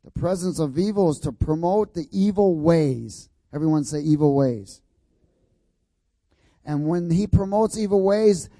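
A man's voice: a little high, dark tone, dry recording. A man preaching a sermon in an emphatic, repetitive cadence, prompting the congregation to repeat his words and asking if everyone has got it. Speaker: pastor.

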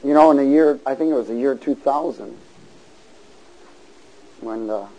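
A man preaching a sermon, asking the congregation to answer and building to loud exhortation. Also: medium pitch, moderate pace, highs cut off. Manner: call-and-response, rising to loud exhortation.

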